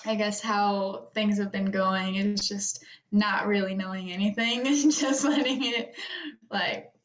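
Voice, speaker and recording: A woman's voice: medium pitch, fairly even intonation, measured pace. A young woman talking in a conversation, close to tears, rambling with lots of fillers and nervous laughs. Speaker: guest. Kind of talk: emotional personal conversation. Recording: roomy, dull lo-fi sound.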